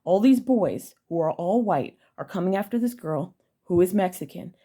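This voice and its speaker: A young woman vlogger with a fairly low, warm voice speaks at a moderate pace, animated throughout. She tells her viewers an angry personal story, addressing them directly in a blunt, heated, swearing-filled rant.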